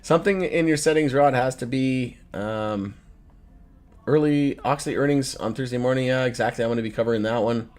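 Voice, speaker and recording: A man's voice: medium pitch, a little fast, a little mellow. A man in his thirties hosting a casual live stream, reading chat aloud in a loose, profane way and laughing often. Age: 30s. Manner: loose, profane, laughs often, swings between joking and irritated. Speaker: livestream host reading chat.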